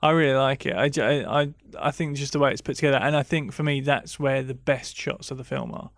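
A man in casual film discussion, agreeable and hesitant, often pausing with fillers. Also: mid-range voice, steady tone, dry recording, clean studio sound. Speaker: film podcast co-host.

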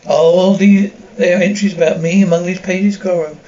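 A man's voice: sits high, fairly even intonation, moderate pace, dark tone, highs cut off. A man reading a dubbed drama aloud, speaking the sound cues between the lines.

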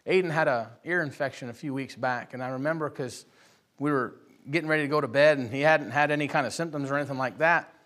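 A young man preaching a sermon to a congregation in a church, moving between quiet personal stories and loud, impassioned exhortation. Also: on the high side, fast. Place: church hall with live congregation.

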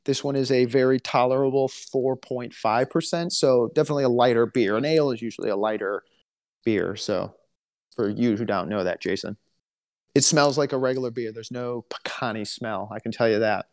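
A man's voice: mid-range voice, moderate pace, a little mellow. A man co-hosting a casual podcast, telling stories in a chatty, dry, joking way. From Alabama, US. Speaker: podcast co-host. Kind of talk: casual chat.

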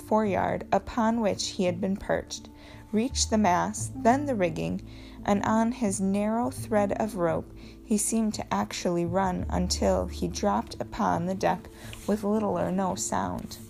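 A woman narrating a novel in the first person with steady storytelling. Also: medium pitch, a little slow, creaky, faint music behind. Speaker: audiobook reader.

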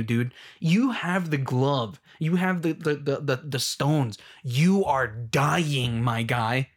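Young adult male, casual rant, rambling and fed-up, loose filler-heavy delivery. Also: fairly high pitch. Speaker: movie fan ranting.

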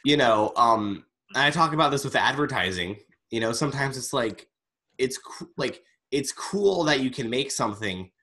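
A man's voice: mid-range voice, lively intonation, normal speed, bright, forceful tone. A man hosting a podcast, chatting casually and swearing freely. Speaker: podcast host. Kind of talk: casual chat.

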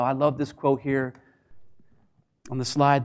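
A man preaching a sermon as pastor, impassioned and building to fervent passages, with quick asides mimicking others. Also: medium pitch, fairly even intonation, a little mellow. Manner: impassioned, rising to a fervent climax.

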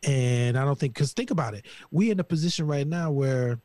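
A man talking in a casual panel discussion in a slangy, animated, emphatic way. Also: mid-range voice, fairly quick, dry recording. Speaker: regular panelist.

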